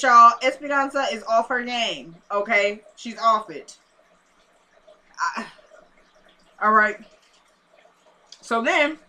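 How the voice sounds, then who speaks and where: A woman's voice: on the high side, sharp tone, low-quality recording. A woman giving a casual, slangy episode recap, talking straight to her viewers and acting out the characters' lines. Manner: acts out characters' lines while retelling. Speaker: TV episode reviewer.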